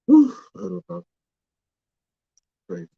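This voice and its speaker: A man's voice: takes it slowly, no room sound. A man hosting a casual livestream, rambling animatedly, firing off indignant rhetorical questions and reading out chat comments. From United States. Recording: dull, muffled sound.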